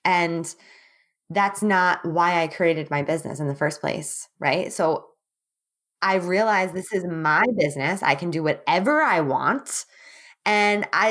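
A woman's voice: fairly low pitch, unhurried, fairly bright tone. A woman guest on a podcast call, chatting candidly and emphatically about her business, with lots of "like". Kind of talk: casual podcast chat. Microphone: remote call.

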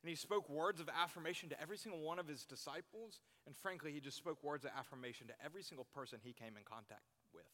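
A man's voice: fairly high pitch, fast, hardly any pauses, pushed and bright. A young man preaching to a youth group, earnest, repeating his key phrases for emphasis. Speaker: youth pastor. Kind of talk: sermon. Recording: long reverb in a hall.

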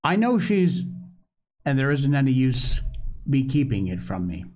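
A man's voice: mid-range voice, very animated, unhurried, a little mellow. A man voicing a poor, worried mother who stammers and sounds close to tears in a storybook reading. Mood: tearful. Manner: stammering, tearful.

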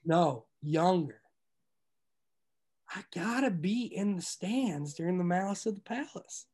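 A young man, a podcast guest, telling a sports story in casual chat, animated and loud at the peaks, dropping to low asides, laughing through it. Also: unhurried, husky.

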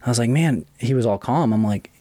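A man's voice: mid-range voice, dark tone, no echo. Casual man telling a story, dry sound. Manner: casual and profane, quick asides. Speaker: guest telling his story.

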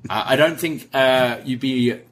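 A man with a British accent softened by years in Canada, co-hosting a casual podcast and lively acting out quotes as he recaps a show. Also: medium pitch, a little slow, a little hiss or hum. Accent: British with Canadian mix. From Britain. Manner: lively storyteller, acts out quotes. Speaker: podcast co-host.

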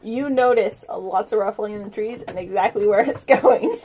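A woman's voice: medium pitch, normal speed, a little mellow, slight background noise, poor audio. A woman running a tabletop game as game master, narrating playfully and giggling often.

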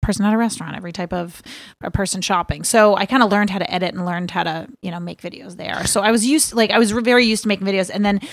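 A woman's voice: medium pitch, fast, creaky, no echo, studio quality. Chatty self-deprecating comedian woman. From New England. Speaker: guest comedian. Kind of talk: casual chat.

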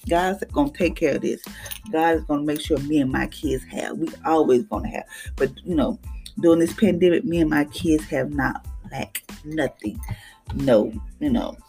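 A woman's voice: low voice, moderate pace, dark tone, faint music behind. A woman hosting a devotional podcast, speaking in a casual, emphatic way and acting out what she said to others.

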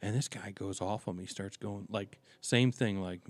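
On this casual podcast, a male co-host with a lowish voice tells stories at normal speed with few pauses, wandering along and leaning on fillers. There's no room sound.

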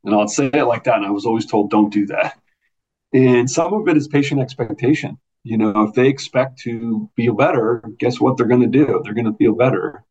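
An American neurosurgeon, appearing as a guest in a conversational interview, earnestly explains things step by step with frequent restarts. His mid-range voice is a little fast, slightly mellow, and breathy, and the audio is muffled and lo-fi.

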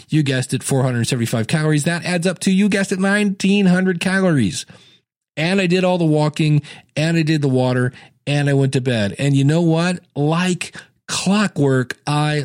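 A man's voice: fairly high pitch, animated, normal speed, no room sound, studio quality. A middle-aged man hosting a casual solo podcast, chatty and self-deprecating, acting out his own thoughts in little voices. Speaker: podcast host.

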